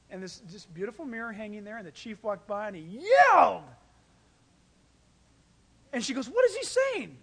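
A pastor preaching a sermon, telling stories with animated delivery and acting out quoted voices. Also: male voice, sits high. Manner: animated storytelling, acts out quotes.

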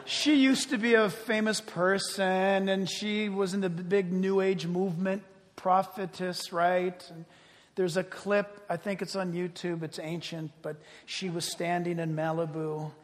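A man preaching a sermon in an animated storytelling manner, often laughing as he talks. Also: high-pitched, unhurried. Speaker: pastor. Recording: long hall reverb.

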